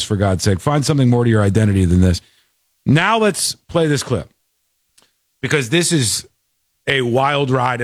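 A man's voice: mid-range voice, no echo, studio quality. A man hosting a livestream, giving blunt, opinionated reaction commentary in a casual, conversational way. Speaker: streamer host.

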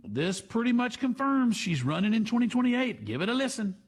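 A man's voice: extremely high pitch, very animated, fairly quick, slight background noise. A man hosting a talk show, delivering sarcastic, opinionated commentary. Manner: sarcastic, mocking. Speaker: radio host.

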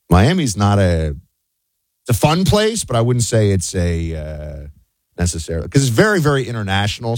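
A middle-aged man from the United States hosting a show, talking in a loose, animated way full of fillers and restarts. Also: low-pitched, dry recording. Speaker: show host. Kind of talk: casual commentary monologue.

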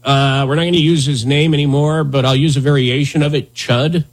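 Husky, sarcastic talk radio host. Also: male voice, fairly high pitch, steady tone, brisk. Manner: sarcastic, rambling, mock-indignant. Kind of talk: casual comedic talk radio banter.

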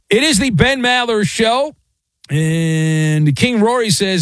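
A man's voice: sits high, sing-song, takes it slowly, no echo. A middle-aged man hosting a late-night sports talk radio show, rambling and joking with self-mocking asides. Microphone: studio microphone.

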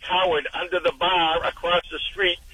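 A man's voice: sits high, little pitch movement, moderate pace, sharp tone, slightly rough, poor audio. A man calling in to a radio show, chatty and passing on local gossip. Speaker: caller. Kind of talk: call-in radio talk.

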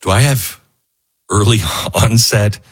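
A man's voice: slow pace, breathy edge. An older man hosting a talk radio show, rambling and self-deprecating as he reads ads and comments on stories. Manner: rambling, self-deprecating, animated, jumps between pitches for mock voices. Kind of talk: talk radio monologue with host-read ads.

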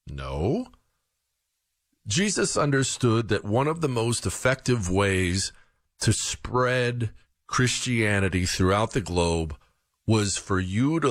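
A man talks straight to his audience in an opinion monologue, swinging his pitch up high for rhetorical questions and mock quotes. His voice sits close and dry on the mic, with no room around it. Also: fairly bright tone, no room sound. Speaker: political commentator.

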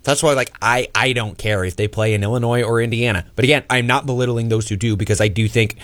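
A man's voice: fairly even intonation, fast, a bit bright, no room sound. A man hosting a sports talk radio show, arguing his point emphatically and pushing back on his co-host. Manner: argumentative, emphatic, rising pitch when pressing a point.

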